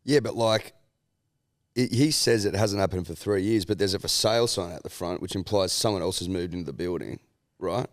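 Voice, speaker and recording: Deep-voiced man, dry. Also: fairly quick. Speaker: podcast co-host. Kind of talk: casual comedic chat.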